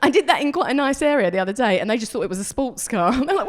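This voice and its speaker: A woman's voice: fairly high pitch, animated, quick pace, hardly any pauses. Chatty woman doing stand-up. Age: 30s. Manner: chatty, self-deprecating, acts out quoted voices. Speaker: stand-up comedian. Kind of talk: stand-up comedy set. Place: comedy club stage.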